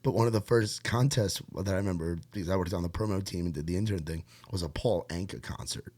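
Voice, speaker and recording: Low-voiced man with a radio voice. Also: fast, a little mellow. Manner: laid-back, swears casually, rambling restarts. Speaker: podcast host. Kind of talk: casual chat.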